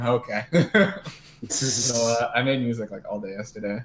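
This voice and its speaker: A man's voice: medium pitch, moderate pace, slight background noise. Laid-back young man in a roomy space. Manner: laid-back, laughing easily. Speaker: podcast co-host. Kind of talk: casual podcast chat.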